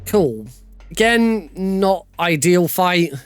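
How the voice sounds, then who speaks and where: A man's voice: high-pitched, lively intonation, very slow, clear, resonant tone, faint music behind. Chatty man commenting on his speedrun. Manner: casual, chatty, joking. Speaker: speedrunner streamer. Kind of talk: live commentary over gameplay.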